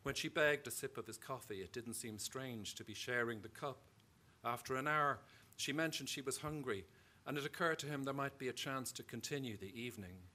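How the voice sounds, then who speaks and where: A man with an Irish accent, an author reading his own fiction aloud at a live event in a measured storytelling way. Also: mid-range voice, sharp tone.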